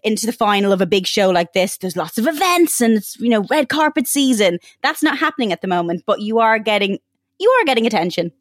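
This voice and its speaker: A woman with an Irish accent interviewing a guest in a warm, encouraging, chatty way. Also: fairly high pitch, animated, brisk, dry recording, studio quality. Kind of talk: casual interview chat.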